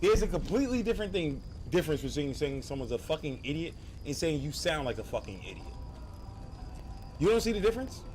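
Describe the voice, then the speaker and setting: A man streaming a game, talking in animated, profane, rambling banter. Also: a little high, a little fast, a little hiss or hum. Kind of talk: casual gaming stream talk. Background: faint game music.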